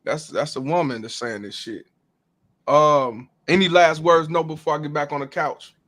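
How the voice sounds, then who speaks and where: A man hosts a casual livestream talk in a relaxed, easygoing way. He reads out donation shout-outs and calls his guest "bro" throughout. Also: fairly high pitch, normal speed, slight background noise. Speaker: show host.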